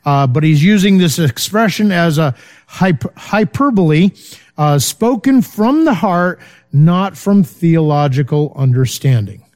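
A man teaching an unscripted Bible lesson, measured and explanatory, pausing on "uh" and checking in with "okay". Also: on the high side, expressive, a little mellow.

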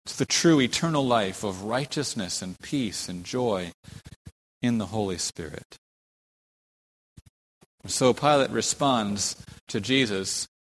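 A man's voice: lowish voice, animated, slow pace, pauses often. A man preaching a sermon with dramatic emphasis, acting out the figures he quotes, in a church sanctuary. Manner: dramatic, voices quoted speakers with rising emphasis. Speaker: pastor. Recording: reverberant church hall.

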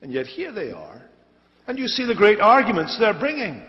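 A man's voice: high voice, very animated, normal speed. A male pastor preaching an expository sermon, emphatic and repeating key phrases for stress. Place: church sanctuary. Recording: dull lo-fi sermon recording with long church reverb.

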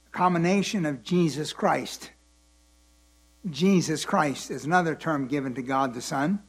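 Tired after a long day, this preacher works through the Bible at a slow, deliberate pace, restating points and pausing so the congregation can supply words. He speaks on the high side.

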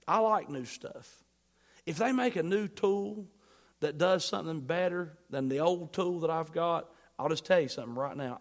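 A high-voiced man preaches a sermon from the pulpit. He talks with emphasis, swinging from loud bursts to quiet asides. He keeps asking his congregation questions. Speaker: pastor.

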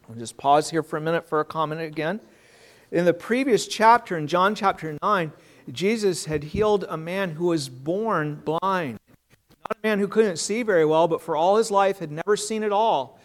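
High-voiced male preacher reading scripture. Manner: reads scripture aloud, then explains it conversationally. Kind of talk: sermon with Bible reading.

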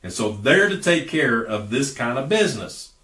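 A middle-aged pastor preaches a sermon in a folksy, emphatic way, his voice swelling in sudden loud bursts before dropping back. His pitch sits in the middle range for a man. He is heard from some distance in an echoey church room. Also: big pitch swings, normal speed.

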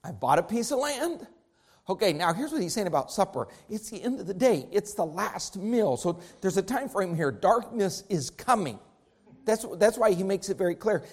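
A man with a notably high voice delivers a sermon. He speaks with an emphatic preaching cadence, swinging up and down in pitch and loudness to drive his points home. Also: expressive, moderate pace. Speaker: pastor.

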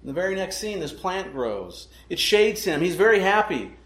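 A man's voice: high-pitched, very animated, moderate pace, a bit bright, reverberant, slight background noise. A man preaching a sermon, emphatic and full of rhetorical questions to the congregation. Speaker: pastor.

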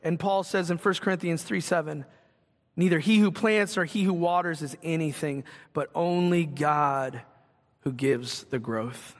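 At a measured pace and fairly high pitch, a pastor from Northwest Ohio preaches with earnest, conversational warmth. He asks his congregation questions directly, and the recording has long hall reverb.

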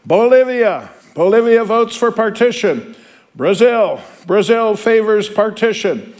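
A man putting on a loud formal roll-call official. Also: sits high, animated, measured pace, pitched above the performer's own voice. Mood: formal announcing.

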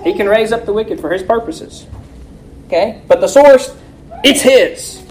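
A woman teaching a Bible lesson, reading scripture slowly and forcefully and quizzing her listeners with rhetorical questions. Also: fairly high pitch, expressive, a little hiss or hum, poor audio.

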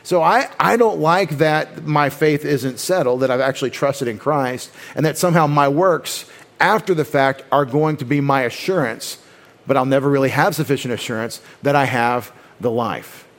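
A man's voice: medium pitch, moderate pace, fairly bright tone. Man teaching a doctrinal sermon. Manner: explanatory, with frequent restarts and quoted voices. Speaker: pastor.

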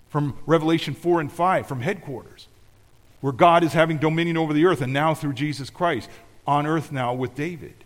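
A male pastor preaching a sermon, emphatic, moving between loud declarations and quiet, intimate asides. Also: a little high, long reverb tail.

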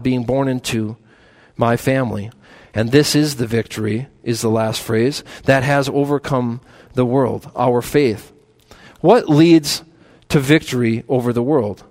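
A man preaching a sermon, building to loud, emphatic peaks, then dropping low, repeating lists and restarting words mid-phrase.

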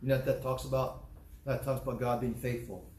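Pastor, male, earnest, repeats his points slowly; roomy, echoey hall recording. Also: mid-range voice, little pitch movement, darkish tone. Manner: earnest, repeats key phrases slowly for emphasis. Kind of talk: sermon. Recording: echoey room with faint background noise.

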